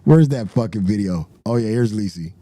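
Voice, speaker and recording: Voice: mid-range voice, expressive, moderate pace, dark tone, no echo. A livestream host chatting casually with viewers, laughing often and swearing freely.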